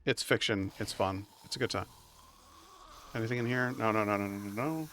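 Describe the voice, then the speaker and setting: A man's voice: on the low side, steady tone, brisk, fairly bright tone, a little hiss or hum. A man casually commentating his own survival game stream, wry and chatty, talking to himself as he plays.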